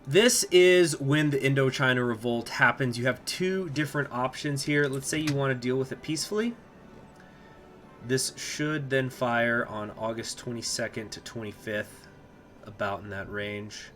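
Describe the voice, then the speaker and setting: A man giving a casual gameplay walkthrough as a strategy game guide host, explaining as he goes and pausing often to think aloud. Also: medium pitch, fairly bright tone, faint music behind. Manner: chatty, explanatory, thinks aloud with many filler pauses.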